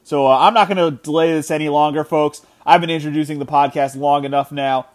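Male podcast host, 30, a bit higher-pitched, casual storyteller with restarts. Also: fairly quick. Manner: animated storytelling, many restarts and filler words. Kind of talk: casual solo sports podcast chat. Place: his house.

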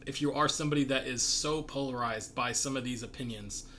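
A man's voice: mid-range voice, fairly even intonation, a little fast, sharp tone, a little hiss or hum. A man hosting a podcast, talking earnestly and reflectively with frequent laughs. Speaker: podcast host. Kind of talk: casual podcast conversation.

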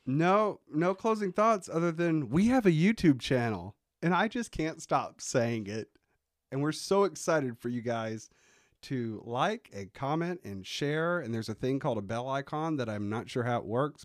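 A man's voice: mid-range voice, normal speed, no room sound, clean studio sound. A man co-hosting a podcast, telling funny family stories in casual chat and laughing often as he talks. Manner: laughs a lot while telling animated stories. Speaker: podcast co-host.

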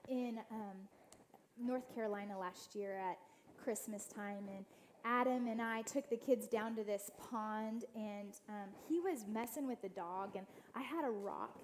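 A woman speaking to a church gathering with a slightly high voice. She tells personal stories and talks straight to her listeners. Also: a little mellow, slight background noise. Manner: storytelling, addresses the audience directly; acts out quoted family voices. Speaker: guest speaker. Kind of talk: inspirational church talk.

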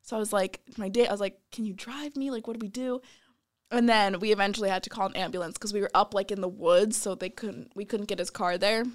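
A young woman telling a story in a casual, animated way, laughing often and acting out what people said. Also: mid-range voice, fast talker, few pauses.

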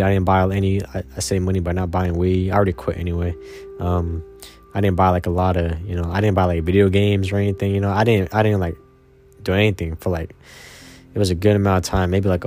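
Speaking in a low voice, a young man rambles casually through a story about his own life. He tends to repeat himself and curse, and his words often fade off quietly.

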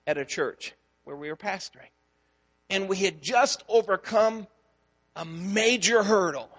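Animated high-voiced pastor preaching. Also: male voice, big-room sound. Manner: storytelling, animated, acts out dialogue. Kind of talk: sermon.

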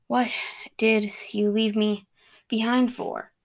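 A woman's voice: mid-range voice, flat delivery, extremely slow, mellow. A woman voicing a timid, nervous young man who stutters, in a storybook reading.

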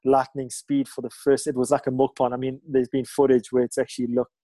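Flat-voiced man telling a story. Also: medium pitch, fairly quick, no echo, low-quality recording. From South Africa. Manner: rambling, many fillers and restarts. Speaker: guest, ocean ski paddler. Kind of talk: casual storytelling.

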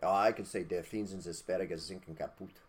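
A man's voice: low-pitched, fairly even intonation, quick pace. A man hosting a podcast, talking in a blunt, preachy, casual rant with mild cursing and a habit of asking "okay?". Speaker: podcast host.

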